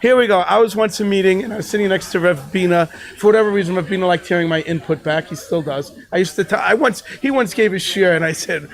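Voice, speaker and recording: High-voiced man telling playful stories. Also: fast, few pauses. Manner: playful, jokey anecdotes. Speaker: rabbi telling stories at a fundraiser. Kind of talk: casual storytelling.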